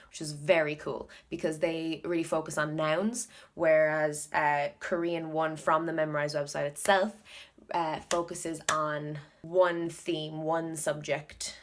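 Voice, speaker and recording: An Irish woman talks casually to her vlog audience in a low, unhurried voice. She thinks aloud as she goes and repeats words over and over to practise them. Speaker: video blogger learning Korean.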